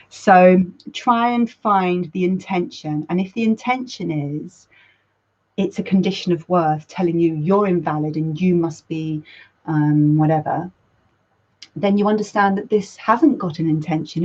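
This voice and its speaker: A woman's voice: on the low side, a little mellow. A woman hosting a community chat as a counsellor, talking casually in a rambling, self-correcting way and swearing now and then. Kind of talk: casual talk. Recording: dull lo-fi sound.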